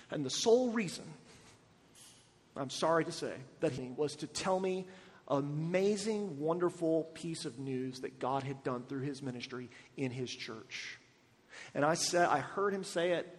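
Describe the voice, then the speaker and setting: A male pastor delivers a sermon with a slightly high voice that carries through a long hall reverb. He presses his points with emphatic rhetorical questions, then pulls back to a quiet, low tone. The sound is that of preaching in a church sanctuary.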